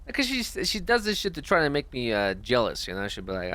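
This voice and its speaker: A man roleplaying in character in casual, profane chat, halting with fillers. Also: mid-range voice, huge pitch swings, sharp tone, no echo. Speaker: roleplay player.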